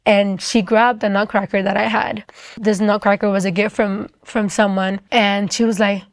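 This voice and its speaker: A young woman, appearing as a guest, shares her personal faith testimony in a clean studio recording with no room sound. Her mid-range voice shows little pitch movement as she talks fast and casually, saying "like" a lot and acting out quoted voices.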